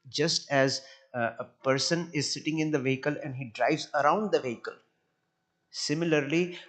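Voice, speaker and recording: A man speaking at a temple program in an earnest, searching way. His voice sits at an ordinary middle pitch, and he often restarts a phrase before moving on. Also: a bit bright. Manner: earnest, repeats words while searching for phrasing. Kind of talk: devotional talk with slides.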